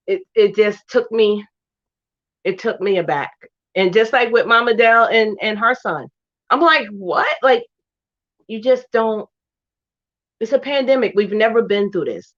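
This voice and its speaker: A woman's voice: mid-range voice, fairly bright tone, highs cut off. A woman speaking emotionally and emphatically in a casual chat, urging others to be careful. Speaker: guest.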